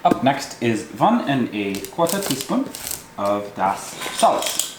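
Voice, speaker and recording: A man's voice: mid-range voice, big pitch swings, takes it slowly, heavy background noise. Man in a hammy fake German accent. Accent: exaggerated put-on German accent. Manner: hammy, drops in German words. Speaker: cooking show host. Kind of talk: comic cooking tutorial. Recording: echoey kitchen with loud clattering cookware.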